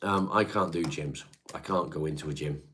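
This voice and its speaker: Livestreaming from home, this middle-aged Englishman with a Devon accent reads the chat and answers viewers in a blunt, casual way, swearing freely. He has a bass voice that's a bit bright, speaks at normal speed, and there's slight background noise.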